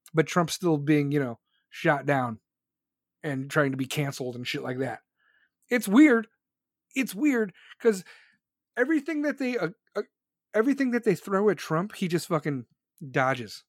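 This profane live-stream rant comes from a male political commentator whose voice is on the high side. Close to the mic with no echo, he swears nonstop and sneers sarcastically about politics.

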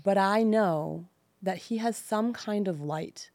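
A woman in her thirties from the San Francisco Bay Area, a podcast guest frankly and emotionally telling her personal story, slowing on painful details. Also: medium pitch, darkish tone, no echo.

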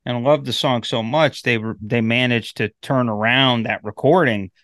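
Man, mid pitch, casual podcast co-host, rambling, swears, dry sound. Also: normal speed, fairly bright tone, no echo. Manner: rambling with many fillers and profanity. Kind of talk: casual chat.

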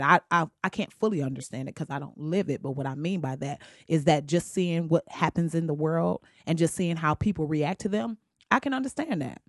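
A woman's voice: mid-range voice, no echo, clean studio sound. A young adult woman talking bluntly and candidly in a casual vlog, profane and laughing often. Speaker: vlogger.

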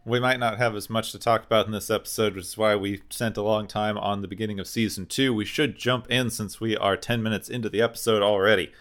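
Bright-voiced man co-hosting a podcast. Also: on the low side, fairly even intonation, quick pace, few pauses. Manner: recaps plot in long run-on sentences. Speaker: podcast co-host. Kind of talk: casual podcast discussion.

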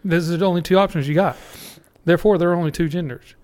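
A man's voice: high voice, fast, a little mellow. A man, co-hosting a casual podcast, blunt and swearing freely with frequent laughs. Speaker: podcast co-host. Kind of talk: casual chat.

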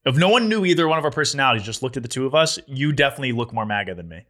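A young man hosts a podcast in loose, casual chat. His voice is bright and forceful, and he often breaks into laughter while he rambles through a story. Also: mid-range voice, animated, rapid-fire. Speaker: podcast host.

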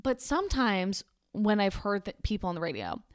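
Her pitch sits in the middle but swings widely as she talks at a moderate pace. She is a young woman in her twenties running a casual solo podcast, chatty and rambling, saying "like" a lot and restarting her thoughts. The studio sound is clean with no echo.

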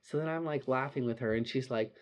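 A man's voice: medium pitch, quick pace. Young man telling a wild story. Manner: animated, swearing, lots of "like". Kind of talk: casual storytelling chat.

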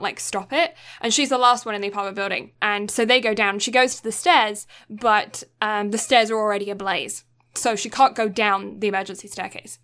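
Bright, chatty young woman recapping a film. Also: mid-range voice. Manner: chatty storyteller, lots of fillers. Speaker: podcast co-host.

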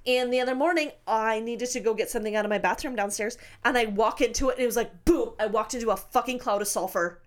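A woman in her thirties telling a spooky personal story in casual chat, animated, swearing freely and laughing often. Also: fairly high pitch, quick pace, few pauses. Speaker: podcast co-host.

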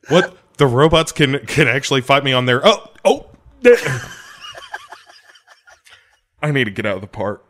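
A man's voice: mid-range voice, big pitch swings, slow, long pauses, fairly bright tone. A man co-hosting a podcast, recapping a TV episode in playful, laughing casual chat. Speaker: podcast co-host.

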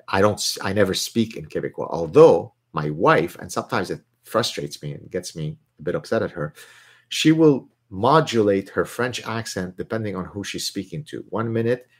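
A middle-aged man hosting a live question session, talking in an animated, digressive way with frequent restarts. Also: sits low, breathy edge. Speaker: host answering viewer questions. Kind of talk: live question-and-answer stream.

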